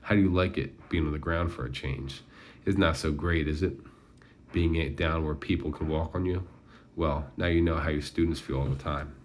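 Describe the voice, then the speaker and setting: A man voicing a teenage boy who puts on a high, nasal twang to taunt a captive teacher. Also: fairly even intonation, moderate pace, a little hiss or hum.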